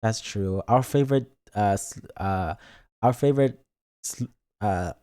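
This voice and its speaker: A man's voice: fairly low pitch, measured pace, dark tone, clear, resonant tone. A young man streaming as a vtuber, chatting casually with viewers, playful, with dramatic mock outrage and frequent stumbles over words. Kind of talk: casual livestream chat reading comments.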